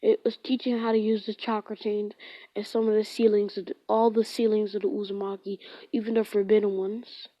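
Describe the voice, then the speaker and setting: A woman's voice: mid-range voice, flat delivery, a little fast, no echo. A woman casually retelling a fan-fiction story, rambling, with lots of filler words and frequent self-corrections. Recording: dull lo-fi.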